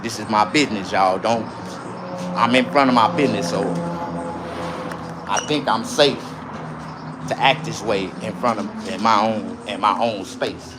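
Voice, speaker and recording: A man rambling on a livestream about tattoos, his shirt and a rap feud, out of breath, with loud bursts and mumbled asides. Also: fairly low pitch, unhurried, long pauses, over loud music. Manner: rambling and animated, swinging between loud outbursts and mumbling. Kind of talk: casual livestream rant.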